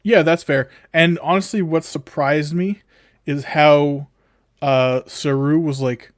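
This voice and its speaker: A man co-hosting a podcast chats casually in an easygoing, agreeable way. His voice sits a little higher than most men's. The recording is dry and close. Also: fairly even intonation, slow, no room sound. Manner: easygoing, agreeable, short replies. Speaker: podcast co-host. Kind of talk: casual chat.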